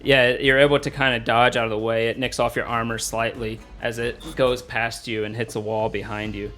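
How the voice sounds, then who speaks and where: Male dungeon master, relaxed narration with fillers and chuckles, faint music bed. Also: mid-range voice, a little fast. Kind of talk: narrating a tabletop game.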